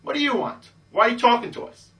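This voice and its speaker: A man putting on the voice of an arrogant young woman who brushes off a stranger, pitching up high and sounding scornful. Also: quick pace, a bit bright, distant mic.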